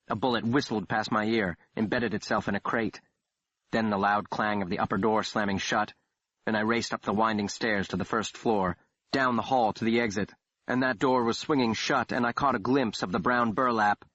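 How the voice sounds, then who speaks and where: A man reading a horror audiobook in a measured, dramatic way. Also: lowish voice, fairly even intonation, a bit bright, no echo. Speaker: audiobook narrator. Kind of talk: scripted narration. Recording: dull, dry studio read.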